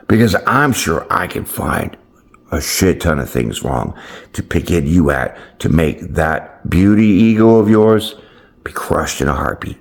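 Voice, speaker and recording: A man with a low, deep voice gives a casual motivational chat straight to his viewers. His talk is loose and slangy with the odd cheerful curse word. He keeps tossing in "right?" and calls his audience "my friends.". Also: animated, unhurried, vocal fry. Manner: loose, slangy and upbeat, with playful swearing. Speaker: tarot channel host.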